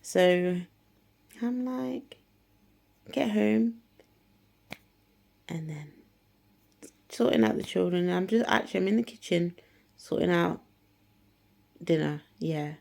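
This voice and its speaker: Woman, lowish voice, warm and dark tone, casual rambling story with lots of "um"s. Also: takes it slowly, creaky, long pauses. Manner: rambling, many fillers and restarts. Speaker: faith channel host.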